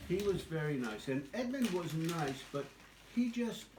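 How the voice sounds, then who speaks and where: An older man, a grandfather, telling a children's story at home in a gentle, patient way. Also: a little high, big pitch swings, measured pace. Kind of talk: bedtime storytelling. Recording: echoey, distant, noisy home recording.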